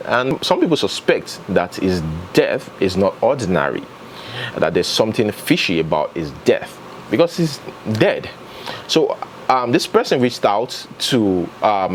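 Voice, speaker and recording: A man's voice: on the low side, slight background noise, rough recording. A man hosting entertainment news, giving chatty, opinionated commentary and talking straight to his viewers.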